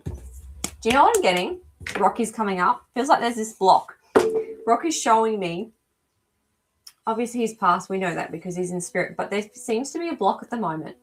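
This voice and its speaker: A woman's voice: medium pitch, a little fast, slight background noise. A woman hosting a live animal communication show. She speaks in a casual, searching way with many ums and answers viewers' comments as they come in. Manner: hesitant, searching for words with frequent ums. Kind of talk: live-stream reading, casual chat.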